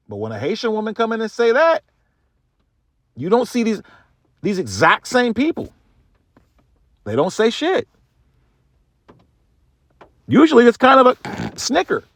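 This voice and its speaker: A man from the United States hosts his own commentary show, talking bluntly in loose slang. His voice sits slightly high and jumps around a lot in pitch. The sound is dry and close, with no room around it. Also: wildly swooping pitch, unhurried, long pauses, a bit bright, no echo. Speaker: show host. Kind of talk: opinion commentary monologue.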